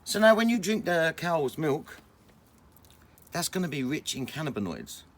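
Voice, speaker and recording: Excitable young vlogger man. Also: a little high, normal speed. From England. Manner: slangy, excitable, animated. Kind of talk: casual vlog.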